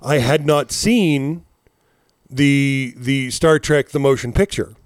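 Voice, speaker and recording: This slow, mid-range male voice belongs to a forties-aged podcast co-host, recorded dry at studio quality. Chatting casually, he tells stories with laughter, rambling and cursing as he goes.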